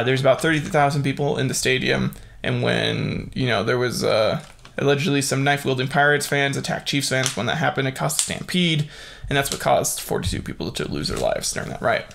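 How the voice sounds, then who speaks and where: A young man hosting a casual solo podcast, reading facts haltingly with lots of fillers and breaking into excited exclamations. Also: medium pitch, gravelly. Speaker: podcast host.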